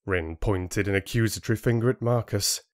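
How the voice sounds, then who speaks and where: A man reading an audiobook in a steady storytelling manner into a close studio mic. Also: on the low side, brisk, no echo. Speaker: audiobook narrator. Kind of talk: scripted audiobook narration.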